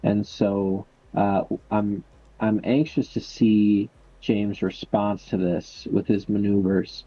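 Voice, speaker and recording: A man's voice: fairly low pitch, flat delivery, slow, warm tone, slightly rough. A man giving color commentary on a tabletop miniatures game, hesitant and full of ums and uhs. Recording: dull lo-fi mic.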